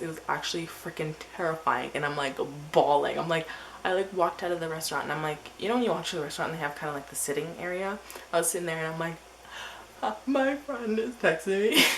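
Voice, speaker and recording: Low-voiced teen girl vlogger, rambling. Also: vocal fry, a bit bright, a little hiss or hum, rough recording. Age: teens. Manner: rambling, filler-heavy storytelling. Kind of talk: casual diary vlog.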